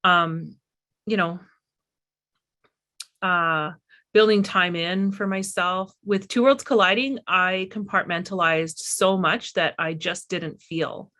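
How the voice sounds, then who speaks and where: Middle-aged woman, filmmaker guest, lowish voice, candid, halting and reflective. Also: pushed and bright. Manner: candid, halting, with many restarts and fillers. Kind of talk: reflective conversation.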